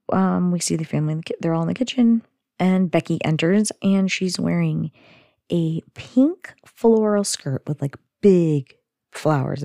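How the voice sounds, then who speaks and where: A woman's voice: low voice, gravelly, mellow, dry recording, clean studio sound. A woman hosting a podcast, chatting casually through a sitcom recap with lots of fillers and giggly asides. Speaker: podcast host.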